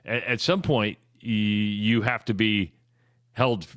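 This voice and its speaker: A man co-hosting a radio show, talking in a casual, halting way and often restarting his questions. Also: lowish voice, fairly even intonation, fairly bright tone, no echo, studio quality. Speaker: radio co-host. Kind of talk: casual sports radio chat.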